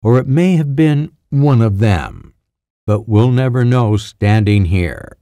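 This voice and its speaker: A man's voice: medium pitch, expressive, slow, dark tone, no room sound, studio quality. A man voicing a tense, urgent army major. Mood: resolute.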